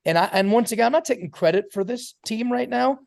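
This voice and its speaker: A man's voice: extremely high pitch, fast, vocal fry, a little mellow, no room sound, clean studio sound. A man giving an emphatic motivational talk to a sales team on a video call, calling on listeners by name.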